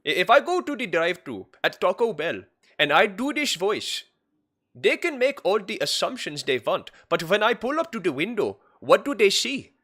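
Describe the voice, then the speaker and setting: A man's voice: high-pitched, big pitch swings, moderate pace, fairly bright tone, voice pushed up, exaggerated voice. A man putting on a raised, exaggerated voice while arguing earnestly. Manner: earnest, emphatic, argumentative. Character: man's raised put-on speaking voice, earnest.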